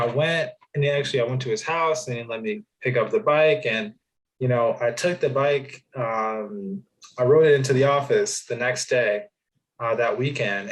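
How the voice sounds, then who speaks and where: A young man chats casually as a guest. His voice sits at an ordinary, middle pitch. He tells stories loosely, full of fillers and restarts. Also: rough recording. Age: young adult. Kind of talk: casual interview chat.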